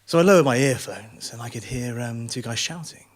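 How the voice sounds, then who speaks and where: Male live storyteller on stage; self-mocking, meandering, mid-pitched voice. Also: a little fast. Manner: wry, rambling, self-mocking. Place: small theatre stage.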